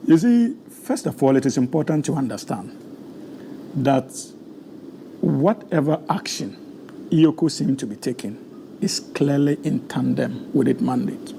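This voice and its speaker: A hoarse man speaking as a studio guest, his voice gravelly and fraying. He lays out legal points in a formal, argumentative way, the tone dark and mellow. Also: mid-range voice, animated, unhurried, slight background noise. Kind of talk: studio political discussion.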